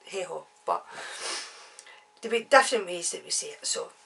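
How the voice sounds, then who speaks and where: A woman's voice: lowish voice, lively intonation, moderate pace, vocal fry, fairly bright tone, far from the mic. Sweary Glaswegian woman telling a story. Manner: sweary, blunt, chatty. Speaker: author. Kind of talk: casual promo vlog storytelling.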